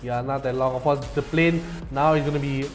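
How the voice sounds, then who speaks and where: Excitable esports caster, man. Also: medium pitch, a little fast. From Malaysia. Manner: excitable, uses "lah" and "you know" fillers. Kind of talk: live game commentary.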